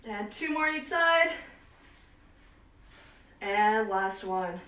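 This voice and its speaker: This young fitness instructor from Canada runs a live online workout from a small home room, cheerfully counting reps and cueing moves while out of breath. She has a mid-range, fairly bright voice with lively intonation and drawn-out words. The faraway camera picks up an echoey room.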